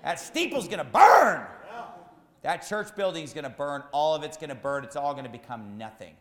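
A man preaching a sermon as pastor, emphatic and repetitive, rising to shouts at times. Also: on the high side, very animated, normal speed, echoey room, in a large hall.

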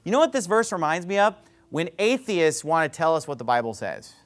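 A man preaches with a high, lively voice that jumps around in pitch. He tells his story with sarcasm and mockery, stumbling over and repeating words for emphasis. It has the loose flow of a sermon. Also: brisk. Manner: animated, sarcastic, mocking. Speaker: pastor.

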